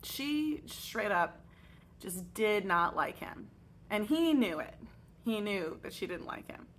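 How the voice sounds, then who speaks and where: A young adult woman, a teacher, telling a chatty, expressive storytime vlog with lots of fillers. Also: mid-range voice, takes it slowly.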